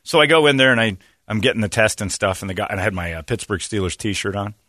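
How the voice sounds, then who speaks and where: A man's voice: fairly low pitch, fast talker, bright, forceful tone, dry recording. A man hosting a sports talk radio show, rambling and sarcastic as he tells stories on a studio mic. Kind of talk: casual sports radio banter.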